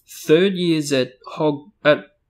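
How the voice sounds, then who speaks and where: A man reading aloud and voicing a resentful thirteen-year-old boy who answers back bitterly, raising his pitch for the part. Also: extremely slow. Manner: bitter, tense.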